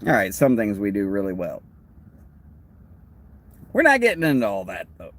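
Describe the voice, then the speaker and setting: A man's voice: fairly low pitch, wildly swooping pitch, normal speed, a bit bright. A man with a Texan accent hosting a live stream, chatting in a rambling way and answering viewers' comments. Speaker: livestream host. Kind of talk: casual live-stream chat.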